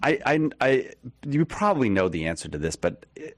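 A man's voice: mid-range voice, very animated, fairly quick, dry recording. A man hosting a radio-style talk show, playful and self-mocking, laughing often as he chats with his guest. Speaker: podcast host.

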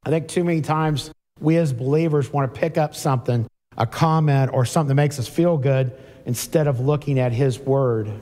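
This man has a dark-toned voice of medium pitch and speaks at normal speed. Long hall reverb colors the recording as he preaches conversationally, reading from scripture and interjecting asides.

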